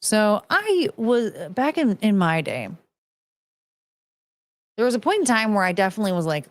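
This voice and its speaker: At normal speed and in a mid-range voice, a woman in her thirties hosts a laid-back show. She reads out chat messages and responds bluntly and a little profanely, staying animated and putting on mocking voices when quoting.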